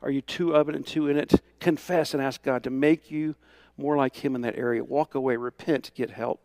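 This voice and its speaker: A middle-aged man preaches with a drawl, his voice carrying a gravelly rasp. He tells stories with lively quoted dialogue, dropping to quiet asides and then pressing a point with emphasis. The sound is dry and close, with no room around it. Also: mid-range voice, fairly quick, no echo. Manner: storytelling with quoted dialogue, shifting from hushed to emphatic. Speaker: pastor. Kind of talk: sermon.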